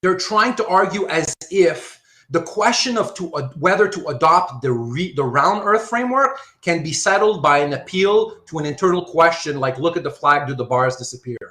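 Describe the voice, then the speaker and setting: A man giving a philosophy lecture, animated and repetitive, often checking whether his students follow. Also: a little high, moderate pace, echoey room. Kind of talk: university lecture.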